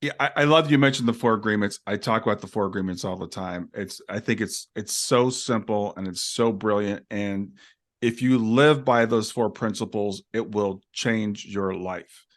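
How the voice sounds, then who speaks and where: A man's voice: fairly low pitch, normal speed. A man hosting an interview, agreeing and reflective. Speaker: host. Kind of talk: conversational interview.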